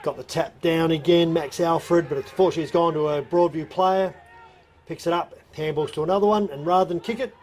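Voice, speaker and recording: A man's voice: on the high side, fairly even intonation, a little fast, a little mellow. A man with an Australian accent giving opinionated, analytical colour commentary at a local football match. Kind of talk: live sports commentary.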